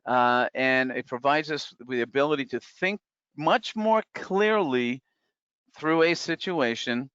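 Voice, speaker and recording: A man's voice: mid-range voice, measured pace, fairly bright tone, clean tone, no echo. Man giving a muffled webinar talk. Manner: conversational, many fillers and restarts, reads out chat comments. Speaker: webinar presenter. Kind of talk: live online presentation.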